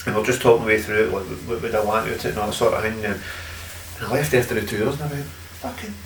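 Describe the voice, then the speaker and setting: A man's voice: on the low side, steady tone, rapid-fire. A Glaswegian man, a podcast guest, telling stories in casual chat, swearing freely and laughing as he goes; echoey room, far from the mic, faint hiss. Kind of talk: casual storytelling.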